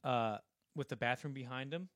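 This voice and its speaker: A man's voice: medium pitch, moderate pace, fairly bright tone, no echo, studio quality. A young man co-hosting a casual film podcast, animatedly retelling scenes in a rambling way full of restarts. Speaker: podcast co-host.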